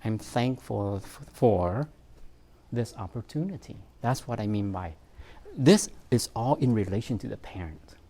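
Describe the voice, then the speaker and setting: A man's voice: on the low side, expressive, a little slow, dark tone. A man, a therapist, giving an informal talk on parenting, reflective and self-mocking, with frequent fillers and laughs.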